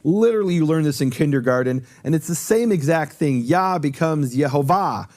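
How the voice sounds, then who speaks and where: A man's voice: fairly high pitch, expressive, fast talker, warm tone. A man giving a detailed, emphatic explanation as a guest on a talk show, repeating key points. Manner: earnest, lecturing, emphatic repetition. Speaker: guest teacher on Hebrew.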